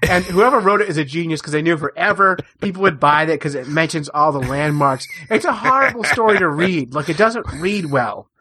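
A man co-hosting a casual chat, telling a story with animated mock outrage and frequent laughter. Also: a little high, fairly quick, hardly any pauses, slightly rough, dry recording.

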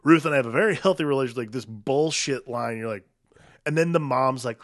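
A man's voice: medium pitch, brisk, a bit bright, dry recording, clean studio sound. A man co-hosting a casual film-discussion podcast, talking in loose, filler-heavy sentences. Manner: rambling, filler-heavy, restarts thoughts.

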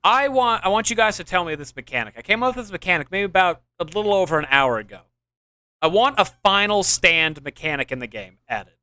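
A man's voice: high voice, animated, a little fast, bright, forceful tone, no room sound. A young man hosting a casual gaming podcast, rambling and restarting as he explains his ideas with enthusiasm. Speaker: podcast host.

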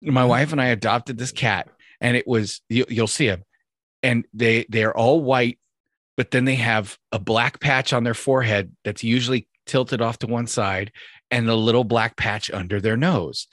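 A man's voice: medium pitch, fairly even intonation, moderate pace, a bit bright, no echo, studio quality. A man hosting a podcast, rambling and swearing casually. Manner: rambling, profane, restarts a lot. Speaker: podcast host. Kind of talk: casual chat.

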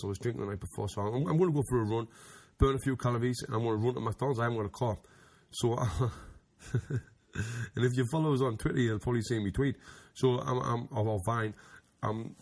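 A man telling a rambling anecdote in casual chat, restarting often and laughing as he goes. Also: mid-range voice. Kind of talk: casual storytelling.

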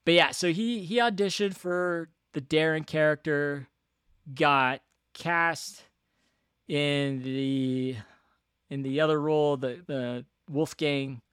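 A chatty man with a slightly high voice, co-hosting a casual movie podcast. He talks fast and laughs easily, recorded dry and close with no room sound. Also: steady tone, a bit bright, clear, resonant tone, no echo. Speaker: podcast co-host.

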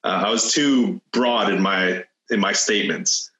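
A man's voice: lowish voice, bright, forceful tone, reverberant, poor audio. A man taking part in a coaching video call, thoughtful and self-correcting as he reflects on his work. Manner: thoughtful, self-correcting, pauses mid-phrase.

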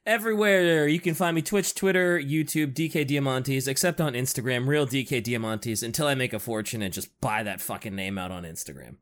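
A man's voice: medium pitch, brisk, hardly any pauses, fairly bright tone. A young man co-hosting a podcast in casual chat, laid-back, laughing often and swearing casually. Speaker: podcast co-host.

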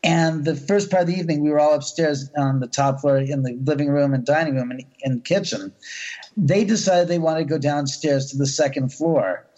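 A man telling a ghost story in an interview, excitable, acting out voices and repeating words as he goes. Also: fairly high pitch, a little fast. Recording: dull lo-fi audio.

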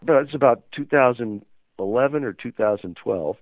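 A man's voice: medium pitch, moderate pace, no room sound. A man telling a story as an interview guest, rambling and hesitant with many fillers. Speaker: interview guest, magazine owner. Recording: tinny phone line.

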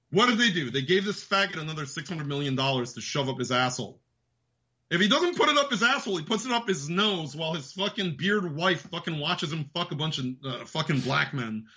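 A man's voice: high-pitched, very animated, fairly quick, pushed and bright, lo-fi sound. A man hosting a show, delivering an angry, profane political rant. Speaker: host. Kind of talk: ranting political commentary.

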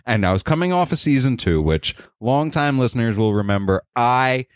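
A man's voice: medium pitch, lively intonation, normal speed, clear, resonant tone, dry recording, clean studio sound. Laughing, loose-talking male podcast host. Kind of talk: casual movie podcast chat.

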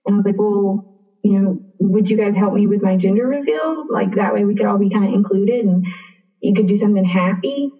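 A young woman recounts her story in a loose, chatty way, full of fillers and little acted-out bits of dialogue. Her voice sits at an ordinary middle pitch. It comes through thin and narrow, like a phone line. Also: brisk. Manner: chatty, many fillers, acts out quoted dialogue. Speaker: interview guest. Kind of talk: casual personal storytelling.

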